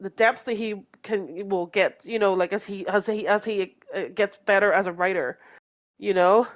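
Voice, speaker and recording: A woman's voice: mid-range voice, steady tone, moderate pace. A woman co-hosting a podcast in casual fan chat, rambling with many fillers and restarts and laughing often. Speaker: podcast co-host.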